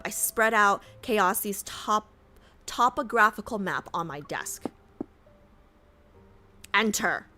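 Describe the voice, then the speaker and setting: A woman's voice: mid-range voice, pushed and bright. A woman streaming herself reading a game story aloud. She reacts in brash, profane, indignant outbursts.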